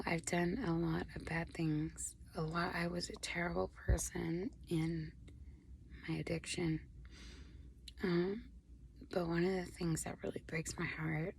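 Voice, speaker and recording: A young adult woman giving an emotional personal testimony to camera. She is tearful and speaks haltingly, often dropping into soft whispers. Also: lowish voice, gravelly, a little hiss or hum. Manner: halting, many soft whispered stretches, fighting back tears. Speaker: vlogger sharing a personal testimony.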